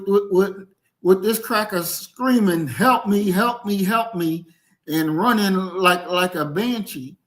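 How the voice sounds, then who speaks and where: Slow-talking preachy male commentator. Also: high voice. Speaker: livestream host. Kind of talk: commentary on a video clip.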